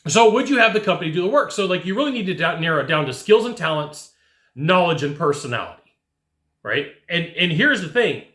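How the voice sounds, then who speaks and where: A man giving an animated sales coaching talk, speaking straight to the listener and often checking in with "right?". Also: on the high side, a little fast. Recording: echoey room.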